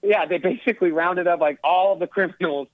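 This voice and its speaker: A male caller from the Los Angeles area who talks in a loose, rambling way and leans on fillers. His fairly high voice comes through a dull, muffled line with a dry sound. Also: brisk, dry recording. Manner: casual, rambling, full of fillers like "like". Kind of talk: phone-in conversation.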